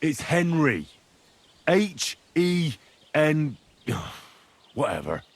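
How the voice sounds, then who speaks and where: An actor playing a weary young squire in a video game, dry and exasperated. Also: male voice, fairly high pitch, sing-song, very slow, no echo, heavily acted.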